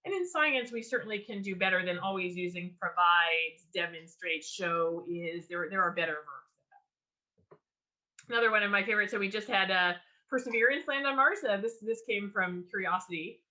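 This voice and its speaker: A woman leading an online writing workshop over a video call, teaching in a lively, enthusiastic way with frequent ums and restarts. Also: medium pitch, moderate pace, low-quality recording. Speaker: workshop leader.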